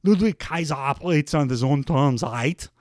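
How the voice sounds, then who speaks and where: A smug, taunting wrestler, put on by a man. The voice is pitched high and mocks with relish. It is recorded close and dry. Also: moderate pace, a little mellow, dry recording, lightly acted. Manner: mocking, taunting. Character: impression of smug male German-accented wrestler.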